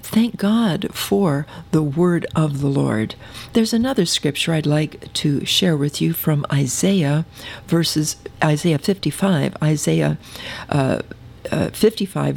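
A woman's voice: sits low, vocal fry, a little mellow, slightly rough. A woman preaching a sermon, reading scripture aloud in an earnest manner and calling her listeners beloved.

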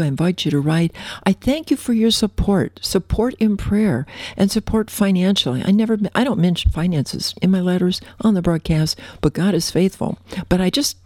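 A woman preaching a radio sermon, fervent and affectionate, reading scripture slowly. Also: low voice, a little mellow, no room sound.

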